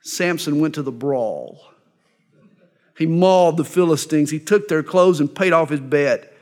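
A man's voice: a little high, animated, unhurried, darkish tone. A middle-aged male pastor teaching a sermon verse by verse, reading scripture and breaking into folksy, joking asides. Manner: jokey, folksy asides between read verses.

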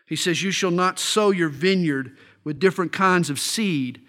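A middle-aged man preaches a sermon, moving between Bible readings and folksy anecdotes. His voice sits high for a man. It has a bright, forceful edge. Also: normal speed. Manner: folksy storytelling, tells jokes. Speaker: pastor.

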